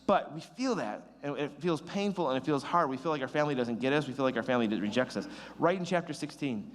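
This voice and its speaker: A man's voice: medium pitch, lively intonation, fast talker, in a large hall. A young man preaching a casual youth sermon, rambling and self-deprecating, addressing students directly. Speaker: youth pastor.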